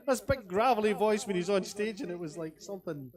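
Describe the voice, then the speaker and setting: Chatty Scottish man with a higher voice. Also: quick pace, few pauses, darkish tone. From Scotland. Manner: chatty, rambling, laughs between stories. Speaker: singer streaming to friends. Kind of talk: casual chat between songs. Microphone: webcam stream.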